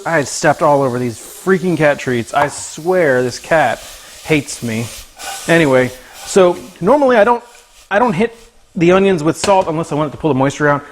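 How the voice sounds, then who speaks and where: A man hosting a casual cooking livestream in his home kitchen, chatting goofily with viewers and his pets as he cooks. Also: fairly high pitch. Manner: goofy, talks to chat and his pets while cooking. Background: food sizzling in a pan.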